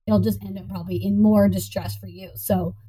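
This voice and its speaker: A woman in a casual conversation, animated and laughing often, slipping into playful voices when quoting herself. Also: mid-range voice, a little fast, breathy edge, rough recording.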